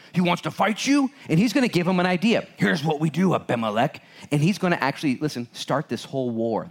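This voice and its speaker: Male pastor, animated conversational preacher; asks the room questions and acts out voices. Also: mid-range voice. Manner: addresses congregation directly with questions. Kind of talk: sermon.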